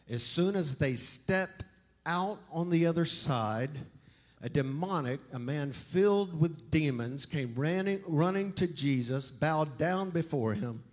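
Brief: male pastor, fairly high voice, chatty emphatic sermon with humor. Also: darkish tone. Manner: conversational, emphatic, joking asides.

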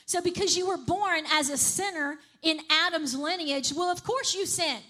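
A woman's voice: high-pitched, brisk, few pauses, bright, forceful tone. A woman preaching a sermon in a conversational way, often checking in with the congregation. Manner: conversational, repeats "right?" and "okay?" to the congregation.

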